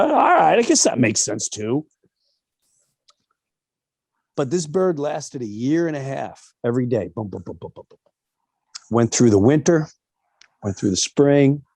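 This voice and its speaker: A middle-aged man telling a personal story in a candid monologue, animated and emphatic, acting out the voices of people he quotes. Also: mid-range voice, no room sound, clean studio sound.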